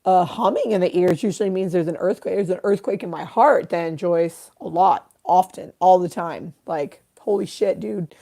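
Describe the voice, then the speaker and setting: A woman's voice: lowish voice, moderate pace, creaky, hardly any pauses, mellow. A woman in her thirties hosting a casual livestream, rambling, swearing freely and reading out chat comments. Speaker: livestream host.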